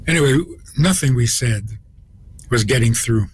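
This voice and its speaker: A man, a rabbi, telling a story on a radio program, with deliberate pauses and acted-out quotes. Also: mid-range voice, slight background noise.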